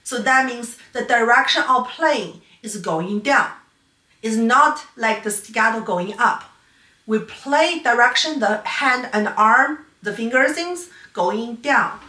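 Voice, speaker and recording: Chinese-speaking lady piano teacher, bright crisp voice, kinda high, explaining patiently. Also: lively intonation, takes it slowly, distant mic. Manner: patient, explanatory, non-native phrasing. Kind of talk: online piano pedagogy lecture. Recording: echoey room, voice a bit off-mic. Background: piano playing.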